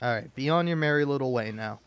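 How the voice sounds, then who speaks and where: A man's voice: mid-range voice, quick pace, slight background noise. A young man reading out comments and ranting about them in a casual, profane, rambling way while he plays a game. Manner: profane, animated, rambling with restarts.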